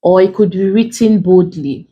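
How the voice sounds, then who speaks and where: A woman with a Nigerian accent teaching an exam prep English lesson, explaining slowly and repeating key terms. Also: fairly low pitch, dark tone, lo-fi sound. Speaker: English tutor.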